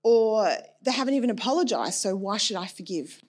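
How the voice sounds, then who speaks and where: A woman's voice: mid-range voice, expressive, a little fast, darkish tone. A woman preaching a sermon in an earnest, personal and conversational way.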